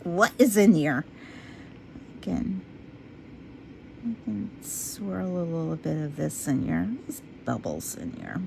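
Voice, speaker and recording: A woman chatting casually to her viewers as she works on a craft project. She talks to herself while she works and drifts into low, quiet talk when she concentrates. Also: creaky, slight background noise. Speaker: resin craft vlogger.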